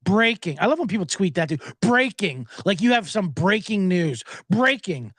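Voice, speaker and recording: A man's voice: high-pitched, lively intonation, fairly quick, husky. A man hosting a sports betting podcast, riffing sarcastically and profanely while reading viewer comments aloud.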